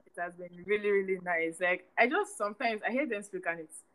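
A woman's voice: medium pitch, fairly quick, low-quality recording. Chatty young Nigerian woman. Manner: animated, chatty, lots of fillers. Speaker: podcast co-host. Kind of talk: casual chat.

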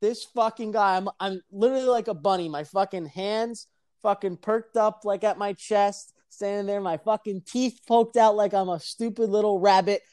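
A young man telling a casual, profane story on a podcast, animated and laughing as he talks. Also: high-pitched, normal speed, clear, resonant tone, dry recording, clean studio sound. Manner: animated, swears constantly, laughs mid-sentence.

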